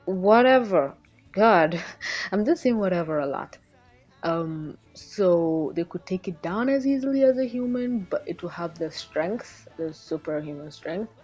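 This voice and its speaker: Animated woman reviewing anime, lo-fi sound. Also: fairly low pitch, unhurried, slightly rough. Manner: animated, rambling, swears casually. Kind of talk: casual episode review. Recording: dull lo-fi recording with faint background music.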